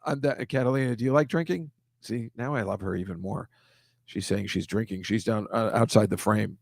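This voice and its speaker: A man hosting a comedy show, talking casually and exasperated over a series of pictures, ranting with quick asides. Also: lowish voice, vocal fry, no room sound, studio quality.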